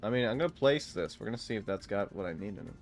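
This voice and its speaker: A man's voice: lowish voice, expressive, racing, gravelly, faint music behind. Joking young man playing a game. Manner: joking, rambling, laughs often. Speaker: gaming streamer. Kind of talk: casual gaming commentary.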